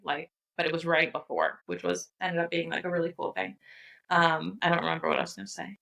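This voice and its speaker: A woman's voice: fairly low pitch, gravelly, poor audio. Chatty woman guest, heavy "like" fillers. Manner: rapid, animated talk full of "like" fillers. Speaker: guest, therapist and business owner. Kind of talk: casual chat.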